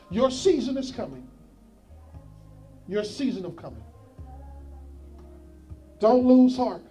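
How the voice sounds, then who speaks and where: High-voiced preacher pleading at the altar call. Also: male voice. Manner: preachy, rising to shouted pleas and repeated urgent calls. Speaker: pastor.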